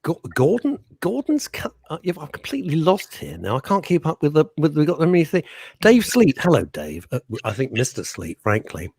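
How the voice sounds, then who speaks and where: A man's voice: a little high, a little fast, gravelly, husky, dry recording. A man co-hosting a radio show, joking and teasing his partner in casual banter. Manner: animated, jokey, teasing, swears mildly. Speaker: radio co-host. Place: radio studio. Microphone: studio microphone.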